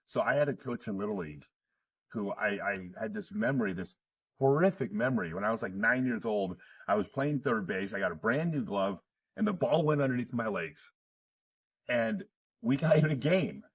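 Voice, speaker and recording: A man's voice: fairly low pitch, animated, normal speed, breathy edge, far from the mic. A middle-aged man hosting a casual conversation, telling stories and laughing often. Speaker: podcast host.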